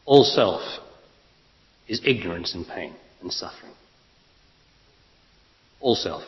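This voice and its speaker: Recorded lo-fi in a hall with lots of echo, a male spiritual teacher addresses an audience. He speaks slowly and expressively in a deep voice, bluntly and emphatically, throwing out rhetorical questions.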